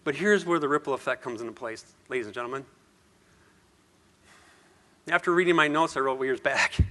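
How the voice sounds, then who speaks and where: A middle-aged man speaks to an audience, earnest and personal, stumbling over repeated words as he builds toward his point. His tone is bright and ringing, pitched a little high for a man, and he leans on rhetorical questions. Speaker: motivational speaker. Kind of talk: personal story speech to an audience.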